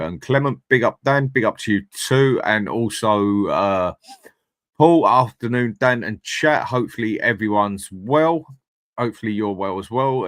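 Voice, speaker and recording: Bloke ranting on his live stream, lowish voice, dry close mic, blunt and chatty. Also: a bit bright, dry recording. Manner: blunt, chatty, reads out viewer comments. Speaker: fan channel host. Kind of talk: casual live-stream chat.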